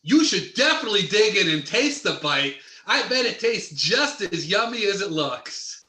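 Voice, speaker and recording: A man's voice: high voice, very animated, normal speed, sharp tone, echoey room, heavily acted. A man playing a prim, overly polite male house cat who is jealous of a rival pet, in an improv comedy scene. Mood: coaxing.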